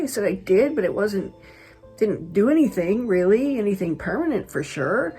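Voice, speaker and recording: A middle-aged woman from California, chatty and animated, telling a personal story to camera as a travel vlogger. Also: mid-range voice, moderate pace, husky, soft background music. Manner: chatty, animated retelling with quoted dialogue.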